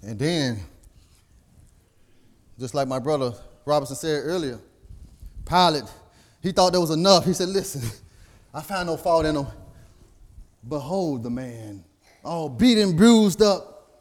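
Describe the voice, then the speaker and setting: High-voiced preacher building to fervent peaks. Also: male voice, lively intonation, a little slow, long pauses. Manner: rising to near-sung emotional peaks; quotes scripture by chapter and verse. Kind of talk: sermon.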